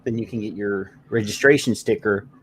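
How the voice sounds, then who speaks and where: A man's voice: fairly low pitch, a little fast, slight background noise. A man telling a story in casual podcast chat, acting out what people said and swearing when annoyed. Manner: animated storyteller, acts out quotes, swears. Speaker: co-host.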